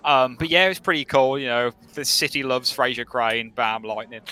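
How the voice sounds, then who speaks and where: A man's voice: medium pitch, moderate pace, pushed and bright. A man with a Brummie accent, chatting enthusiastically as a podcast co-host. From Birmingham, England. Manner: enthusiastic, chatty, with frequent restarts. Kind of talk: casual podcast chat.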